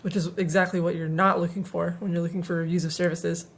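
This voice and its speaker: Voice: medium pitch, little pitch movement, fast, a little hiss or hum. A co-host with a mid-range voice reads out tech headlines in a casual discussion. The comments that follow are dry and wry.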